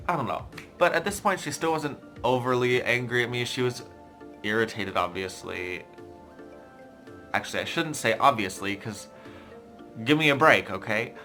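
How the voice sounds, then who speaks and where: A young man vlogging a casual story in an animated, exasperated, self-mocking way. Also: medium pitch, moderate pace, long pauses, faint music behind. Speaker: YouTuber.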